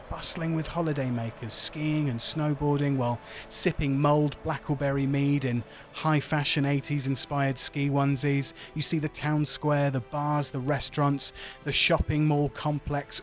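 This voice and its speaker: A man narrating scenery as game master of a tabletop game, laid-back and chatty. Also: medium pitch.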